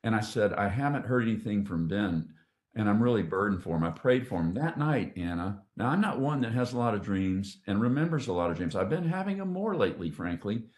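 A man, a podcast guest, earnestly and emotionally telling a faith testimony, often halting and restarting his sentences. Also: lowish voice, expressive, a little mellow. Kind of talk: heartfelt testimony storytelling. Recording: echoey room.

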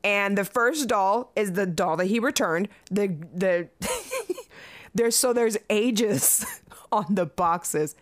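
A woman's voice: mid-range voice, takes it slowly. A woman in her late thirties giving casual commentary as a vlogger, blunt and profane, often breaking into laughter between remarks. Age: late 30s.

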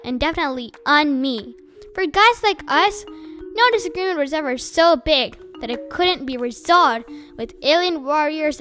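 A woman narrating a novel chapter aloud with expressive storytelling. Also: sits high. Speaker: audiobook narrator.

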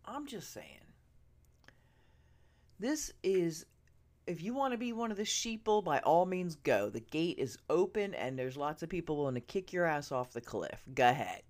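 Animated ranting woman podcaster. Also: sits low, normal speed. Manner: emphatic, swings between loud outbursts and hushed asides; swears freely, talks straight to listeners. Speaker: podcast host. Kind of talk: ranting opinion monologue. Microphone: earbud listeners, close mic.

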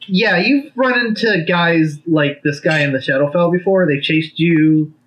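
A man narrating a tabletop game as game master, pausing often with ums. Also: fairly high pitch, a bit bright, a little hiss or hum, poor audio. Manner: hesitant, many ums.

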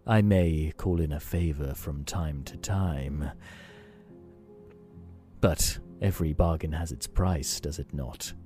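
A man voicing a sinister male entity who speaks slowly and persuasively, offering a dark bargain. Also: very deep voice, soft background music. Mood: menacing, persuasive.

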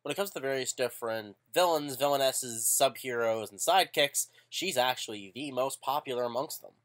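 A man co-hosting a podcast in casual chat, animated and opinionated, swearing offhand. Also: medium pitch, fairly quick. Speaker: podcast co-host.

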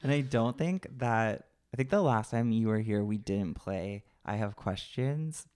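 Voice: mid-range voice, animated, measured pace, darkish tone, clear, resonant tone. A podcast host in casual chat, giggly and chatty, often restarting sentences.

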